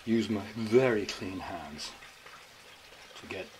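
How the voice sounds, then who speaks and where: A man's voice: lowish voice, takes it slowly, rough recording. A man making bread in a kitchen, talking casually through each step with self-mocking jokes. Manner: self-mocking, joking asides. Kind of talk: casual cooking demonstration. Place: home kitchen. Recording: loud background noise, running water.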